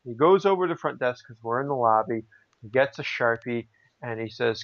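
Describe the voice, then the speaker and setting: Guy rambling through a story on a podcast, mid pitch, kinda dull lo-fi audio. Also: moderate pace, a bit bright. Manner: rambling, frequent restarts and fillers. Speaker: podcast co-host. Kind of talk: casual anecdotal chat.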